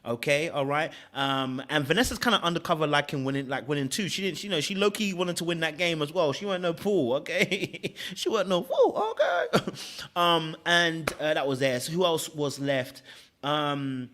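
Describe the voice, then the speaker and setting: A man casually reviewing a reality dating show, animated, laughing, and often checking in with "okay? all right?". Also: on the high side, normal speed.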